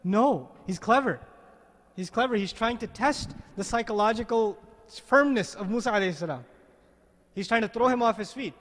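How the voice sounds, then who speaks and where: A man's voice: high-pitched, expressive, normal speed, fairly bright tone. A man preaching a storytelling sermon, retelling a scene with many rhetorical questions. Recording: long hall reverb.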